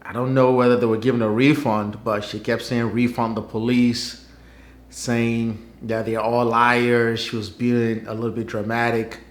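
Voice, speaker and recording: A man's voice: medium pitch, little pitch movement, normal speed, few pauses. A man hosting his own channel, giving wry, skeptical commentary in a conversational way. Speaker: channel host. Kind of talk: news commentary vlog. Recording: roomy, echoey room.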